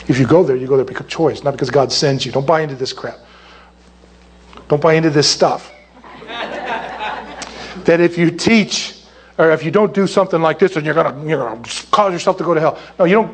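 A man preaching a sermon in an animated, jokey way, with acted asides. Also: a little high, husky. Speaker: pastor.

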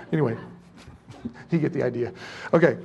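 A man preaching a sermon to his congregation, animated and joking, with many rhetorical questions. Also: mid-range voice, gravelly, muffled recording, slight background noise. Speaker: pastor.

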